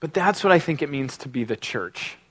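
Middle-aged male pastor, bright forceful voice, earnest and emotional storyteller. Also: medium pitch, animated, moderate pace, slightly rough. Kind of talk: sermon with personal story and prayer.

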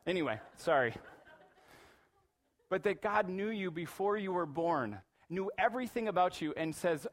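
A middle-aged man preaching a sermon in an animated, playful way, acting out little voices in his asides. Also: high voice, moderate pace. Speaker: pastor.

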